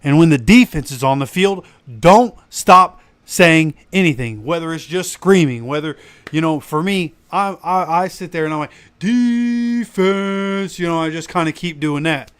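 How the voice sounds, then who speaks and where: A man's voice: fairly high pitch, normal speed, clean tone, no room sound. Ranting man with a dry close sound. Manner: animated, preachy, addresses viewers directly. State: recovering from lost voice. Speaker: fan channel host. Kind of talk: casual livestream rant.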